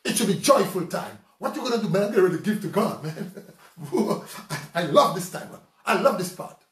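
Saint Lucian male preacher, animated conversational sermon, picked up from a distance in a roomy space. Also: high-pitched, brisk. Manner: lively, conversational preaching with rhetorical questions. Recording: roomy sound from off mic.

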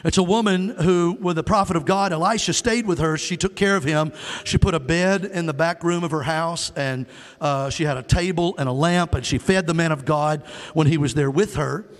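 A man's voice: fairly high pitch, moderate pace. A male guest preacher delivering a sermon, calling on the crowd to answer and raise their hands and acting out the scripture in quoted voices. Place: church sanctuary. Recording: long hall reverb.

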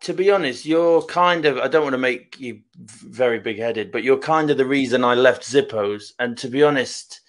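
A man hosting a casual chat, telling stories with frequent laughter and quick impressions of others. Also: mid-range voice. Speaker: host.

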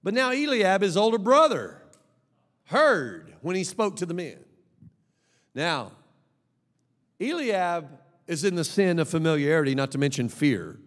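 A man preaching an emphatic, animated sermon as a pastor, with bursts of shouting. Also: fairly high pitch. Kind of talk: lively sermon. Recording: long reverb of a large hall.

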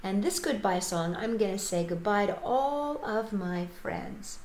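A woman children's storyteller reading a picture book aloud, expressive and playful, talking to young viewers at home. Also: mid-range voice, unhurried, over loud music. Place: home, livestreamed. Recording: roomy home livestream audio.

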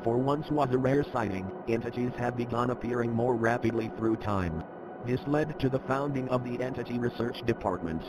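A man's voice: mid-range voice, normal speed, background noise, close to an everyday voice. A man narrating a formal training briefing in scripted narration.

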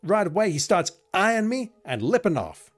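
A man voicing a brash, defensive young woman police officer in a shaky put-on accent, snapping back loudly. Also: sits high, big pitch swings, moderate pace, faint music behind, pitched above the performer's own voice. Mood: indignant. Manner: loud, snappy, exasperated.

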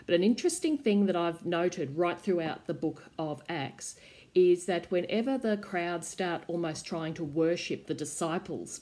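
A woman youth pastor giving a reflective devotional talk in a measured teaching manner. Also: sits low, mellow.

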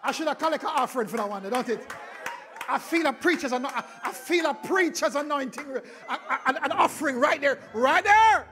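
A Jamaican man preaching a sermon as pastor, lively and playful, often shouting to his church. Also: very high-pitched, fast, soft background music.

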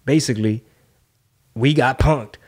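A man hosting a casual comedic podcast, riffing in an animated, mocking way with frequent profanity. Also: mid-range voice, measured pace, husky. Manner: animated, mocking, mimics voices for jokes, profane. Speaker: podcast host. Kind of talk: casual comedic political chat.

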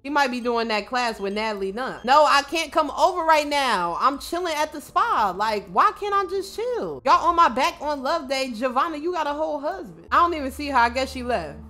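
Brash high-voiced woman gaming streamer. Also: expressive, a little fast, few pauses, pushed and bright. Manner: brash and profane, laughs often, talks for her sim in first person. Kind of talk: casual let's-play commentary.

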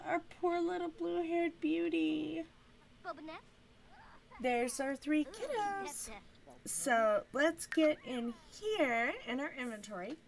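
A woman's voice: high-pitched, lively intonation, takes it slowly, vocal fry. A woman narrating her life-sim gameplay in an effusive, doting way with lots of exclamations. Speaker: gaming vlogger. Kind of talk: game commentary. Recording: music playing behind.

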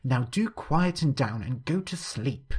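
A man's voice: mid-range voice, lively intonation, a little slow, darkish tone, slightly rough. A man voicing a curt, cold older housekeeper in a storybook reading. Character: stern older Victorian housekeeper woman.

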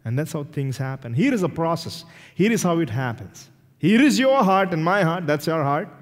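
A male pastor preaching a sermon with animated delivery, acting out little quoted voices as he goes. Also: on the high side, moderate pace. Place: church sanctuary. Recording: long hall reverb in a church.

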